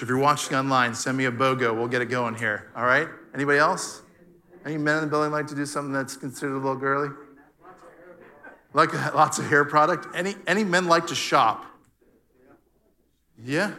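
A man's voice: medium pitch, steady tone, a little fast, pushed and bright. A man leading a Father's Day church talk, playfully teasing the congregation with questions. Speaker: church speaker. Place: church hall.

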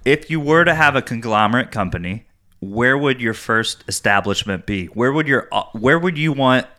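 A man co-hosting a casual podcast, excitable and jokey. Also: medium pitch, normal speed. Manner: excitable, jokey, imitates others. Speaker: podcast co-host.

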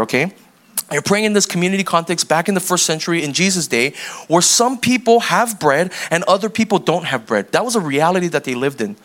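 A pastor with a high-pitched, slightly bright voice preaches a sermon in a conversational way, pressing the congregation with repeated questions. He acts out little scenes using quoted voices.

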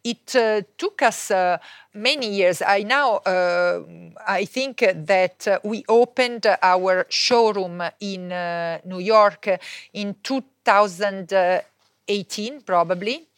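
A woman with an Italian accent, a non-native English speaker, answering podcast interview questions hesitantly, with many pauses and filler sounds. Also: mid-range voice, clear, resonant tone, dry recording, studio quality. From Italy. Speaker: guest, fabric company co-owner.

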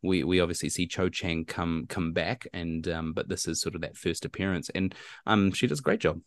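A man co-hosting a casual podcast, talking with loose, rambling sentences and animated pitch jumps when he quotes people. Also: moderate pace. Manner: many fillers and restarts, rambling. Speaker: podcast co-host.

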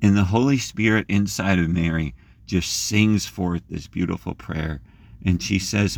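A man leading a guided scripture meditation, gently inviting listeners to imagine the scene and rising in pitch as he reads the verses. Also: moderate pace, creaky, no echo. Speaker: prayer leader.

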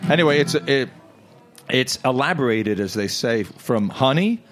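A man's voice: medium pitch, expressive, moderate pace, soft background music. A man co-hosting a show in casual comedic banter, jokey and rambling, recorded in a restaurant before a live audience. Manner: jokey, rambling, trips over his words. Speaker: co-host.

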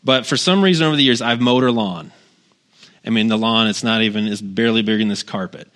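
Speaking fast in a lowish, fairly bright voice, a middle-aged pastor gives a relaxed sermon, sharing personal anecdotes laced with wry humor and plenty of asides.

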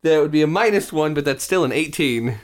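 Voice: mid-range voice, lively intonation, fairly quick. A player in a tabletop role-playing game, curious and full of questions. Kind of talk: casual tabletop play.

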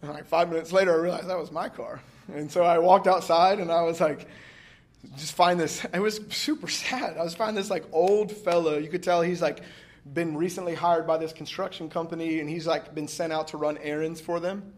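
A man preaching a casual sermon, telling a personal story in a conversational way, full of "like" and quick laughs. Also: fairly high pitch, fairly even intonation. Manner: conversational, laughing often, lots of filler "like". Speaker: pastor.

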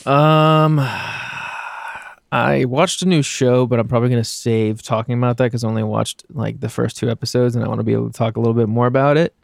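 Gravelly laid-back man chatting. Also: mid-range voice, steady tone, a little fast, no echo, studio quality. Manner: laid-back, rambling gamer talk. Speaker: podcast co-host. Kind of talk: casual chat.

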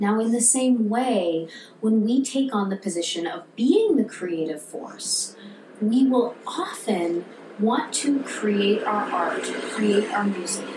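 A woman co-hosting a casual chat, telling stories in a lively way and acting out what people said. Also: medium pitch. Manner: animated storyteller, acts out quotes. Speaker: podcast co-host. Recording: roomy, from a distance, faint noise.

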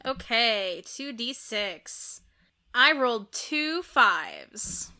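Slow, bright-voiced woman player. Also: on the high side, very animated. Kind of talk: tabletop game play.

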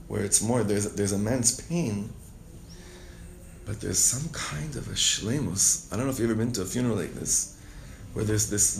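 A man's voice: gravelly, slight background noise. A man teaching a Torah class, reading Hebrew lines and explaining them with strong emotion. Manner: reads Hebrew text, then translates and explains with emotion; expressive, rises in pitch and volume when stirred. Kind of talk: text-based Torah class.

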